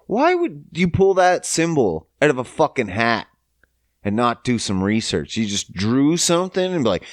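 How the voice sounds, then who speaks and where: A podcast host, a man, rants with heavy profanity and biting sarcasm. He talks at an unhurried pace, and his pitch leaps from mock-innocent highs down to low grumbles. The sound is dry and close. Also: sing-song, no echo. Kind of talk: casual podcast chat.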